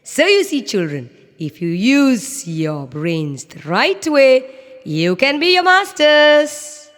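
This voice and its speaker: A woman narrating children's animal stories in a slow, very expressive, sing-song way. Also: high voice. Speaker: storyteller. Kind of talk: scripted children's story narration. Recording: echoey reverb.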